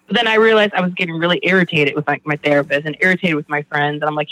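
A man's voice: a little high, steady tone, rapid-fire, bright, forceful tone, dry recording, low-quality recording. A man speaking candidly and at length in a conversation about his recovery, rambling and swearing now and then. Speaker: guest in recovery.

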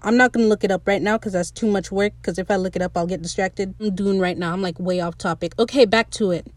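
A young woman hosting a casual solo podcast, chatty and excitable as she recaps a show. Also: medium pitch, fast talker, no room sound. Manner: chatty, excitable, quotes characters in playful voices. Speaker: podcast host.

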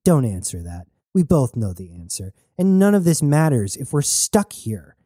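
A man's voice: mid-range voice, very animated, normal speed, dark tone, dry recording, studio quality. A man putting on a tough, guarded spacewoman. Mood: pressing, defensive.

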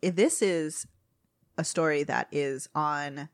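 A woman's voice: low voice, slow. A young adult woman co-hosting a casual podcast, chatting and then reading a story aloud with lots of ums. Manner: relaxed, hesitant with frequent ums.

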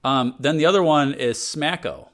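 A man's voice: a little high, normal speed. A man hosting a casual podcast chat. He talks in an easygoing way and rambles with false starts. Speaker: podcast host.

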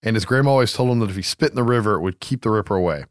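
A man's voice: fairly low pitch, rapid-fire, no room sound, studio quality. A man co-hosting a casual movie recap, loose and profane, laughing easily. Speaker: podcast co-host.

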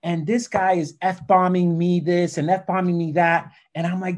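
Podcast guest, man, slightly high voice, lively casual storyteller. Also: normal speed, few pauses. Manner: animated storyteller, says "literally" and "right?" often.

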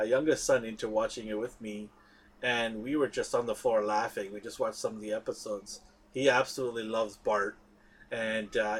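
A man's voice: medium pitch, breathy edge. Chatty man hosting a podcast. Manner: animated, laughing often, many fillers. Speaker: podcast host. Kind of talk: casual podcast chat.

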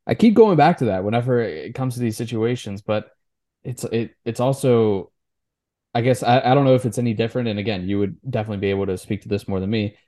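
A man co-hosting a high school sports podcast, chatting casually and often restarting his sentences. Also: dark tone. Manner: halting, with many restarts and repeated words.

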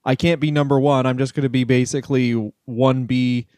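A man's voice: medium pitch, level tone, a little fast, darkish tone, no echo. A man co-hosting a podcast in casual comedic chat, spinning absurd, profane riffs. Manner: profane, absurd riffs, laughs at his own bits. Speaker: podcast co-host.

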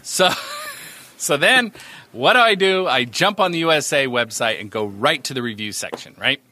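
A man from New Hampshire, a podcast co-host, telling a story in a casual, animated and self-mocking way. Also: medium pitch, normal speed, dry recording.

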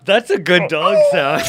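A man's voice: high-pitched, huge pitch swings, slow pace, crowd noise. A man hosting a casual podcast chat, easygoing, asking questions and laughing a lot.

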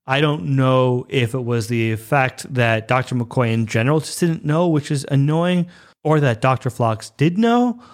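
A man giving casual fan commentary, ranting passionately and with exasperation. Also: mid-range voice.

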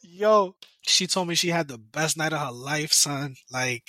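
A man, a podcast guest telling a story in a slangy, animated way and laughing often. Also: on the high side, measured pace, dry recording. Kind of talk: casual storytelling.

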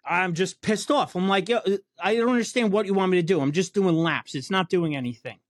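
A man's voice: high-pitched, fairly quick, dry recording, clean studio sound. A man in casual, profane chat, telling blue-collar work stories.

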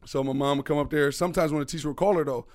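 A man's voice: on the high side, steady tone, very fast. A man co-hosting a podcast in casual chat, telling stories with a lot of "you know what I'm saying" and frequent laughs. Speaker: podcast co-host.

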